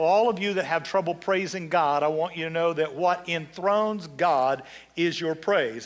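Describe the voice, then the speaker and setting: High, bright-voiced man preaching a sermon. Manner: preaching with call-and-response, reading scripture slowly; conversational asides and humor. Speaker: pastor.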